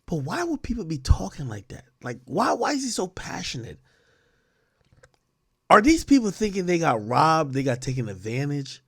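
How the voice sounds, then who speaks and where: A man streaming casual reaction commentary, profane and quick to laugh. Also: on the high side, breathy edge, no echo, studio quality. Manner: profane, animated, laughs often.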